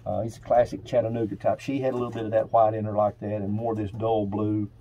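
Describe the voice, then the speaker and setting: Rambling older Kentucky man, mellow low voice. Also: little pitch movement, quick pace, lo-fi sound, a little hiss or hum. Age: 70s. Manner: rambling, repeats himself with many fillers. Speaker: pigeon breeder. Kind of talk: casual walkthrough. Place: pigeon loft. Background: pigeons cooing.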